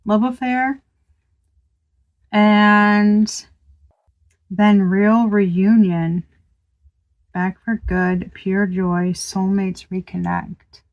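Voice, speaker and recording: A woman's voice: mid-range voice, fairly even intonation, drawn-out words, pauses often, darkish tone, highs cut off. A woman giving a casual tarot reading to her viewers, chatty and exclamatory, swearing freely and thinking aloud with restarts. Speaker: tarot reader.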